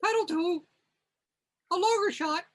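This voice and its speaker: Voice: very high voice, a little slow, voice pushed up. A performer voicing a cheerful male puppet frog while narrating comic panels in a dramatic reading. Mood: chipper.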